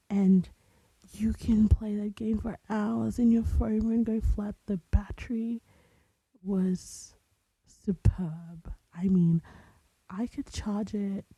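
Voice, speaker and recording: Young female podcast co-host: slow, husky, dark-toned, chatting casually, trails into breathy asides while recalling details. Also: mid-range voice, no room sound, rough recording. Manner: rambling, searches aloud, drops into breathy asides. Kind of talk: casual chat.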